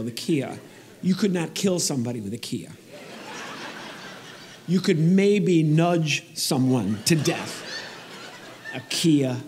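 A man performs a stand-up comedy routine on stage. His voice sits a little high for a man. He tells his stories in an animated way, slipping into the voices of the people he describes. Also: slight background noise. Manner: animated storytelling, acts out other people.

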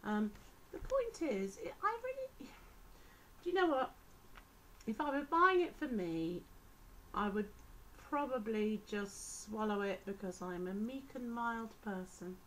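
Woman vlogger, slow-paced, sarcastic and exasperated, casual home-video feel. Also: medium pitch, animated, a little hiss or hum, poor audio. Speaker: teacher. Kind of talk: casual ranting vlog.

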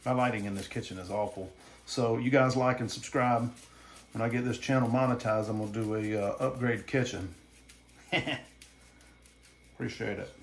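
A middle-aged Southern American man hosts a home cooking vlog, talking in a folksy, rambling, self-deprecating way, first in his kitchen and later at his grill. His medium-pitched voice has fairly even intonation at normal speed, with long pauses and slight background noise.

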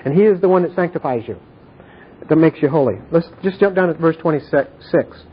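A slightly high, slightly fast male voice carries this informal Bible study. The teacher is earnest, restates his points, and frequently checks for understanding; the recording is tinny and phone-like with a bit of hiss or hum.

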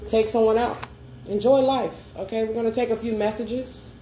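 A woman's voice: a little high, fairly even intonation, moderate pace, dark tone. A woman doing a spoken tarot reading to camera. She is reassuring and coaxing, and keeps checking in with "okay?". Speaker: tarot card reader. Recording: roomy echo, faint background hum.

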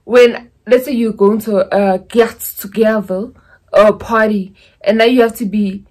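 A woman's voice: medium pitch, steady tone, measured pace, a little mellow. A young woman from South Africa with a South African accent, chatting casually in a vlog and slipping in Zulu phrases as she rambles through stories. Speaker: YouTuber.

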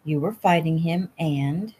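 A woman voicing a calm, authoritative middle-aged lawman in a storybook, gentle but firm. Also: sits low, a little slow, husky.

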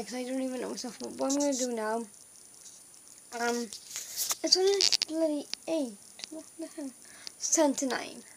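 A woman's voice: high-pitched, a little hiss or hum, rough recording. A young woman, chatting in a rambling, flustered vlog with lots of filler words. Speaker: vlogger. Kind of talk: casual vlog chat.

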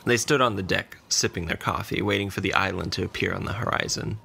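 Male narrator for a fantasy podcast, low gravelly voice with a bright edge, even delivery. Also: fast talker, slight background noise.

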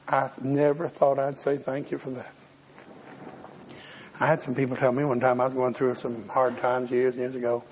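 A man's voice: medium pitch, darkish tone, a little hiss or hum. A man preaching a folksy, humorous sermon and acting out the voices he quotes. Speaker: pastor.

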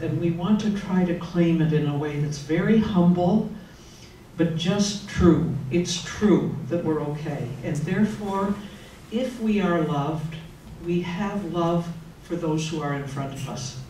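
A woman's voice: lowish voice, slow, mellow, slight background noise. An older woman, a religious sister, giving an earnest and personal retreat talk in a conversational way. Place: retreat hall. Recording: echoey room, mic far off.

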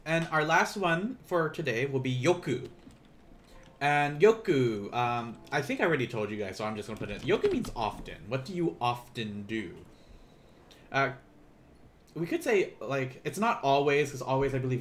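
Friendly male streamer-teacher, expressive pitch, faint hiss behind. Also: normal speed. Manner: encouraging, reads chat and asks questions. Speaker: online language teacher. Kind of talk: live-streamed beginner lesson.

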